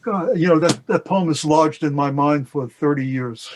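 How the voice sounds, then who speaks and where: An older man, a guest poet, chatting on a video call, halting with many restarts and slowing down to read poems aloud. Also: fairly high pitch, a little mellow, a little hiss or hum, rough recording. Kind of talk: casual discussion with poetry readings.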